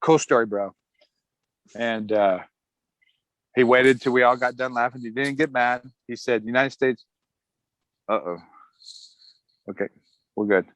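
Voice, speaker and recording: A man's voice: mid-range voice, a little slow, long pauses, dry recording, rough recording. A middle-aged man, an Army veteran, telling his story casually in an interview, acting out other people's lines with a chuckle. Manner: relaxed, chuckling, acts out quotes of others.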